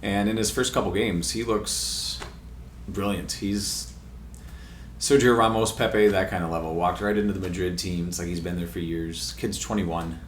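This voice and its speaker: A man with a low voice chats on a podcast, counting down transfers with easy enthusiasm. The room is echoey, and faint noise sits under the voice. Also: steady tone, moderate pace. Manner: enthusiastic, listing transfers with frequent laughs. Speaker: podcast co-host. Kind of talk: casual soccer chat.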